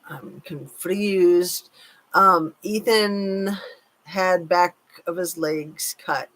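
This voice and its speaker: A woman's voice: on the low side, steady tone, extremely slow, fairly bright tone. A woman hosting a casual live chat, reading viewer comments aloud and hedging her points with care. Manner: chatty, reads comments aloud, cautious with hedging.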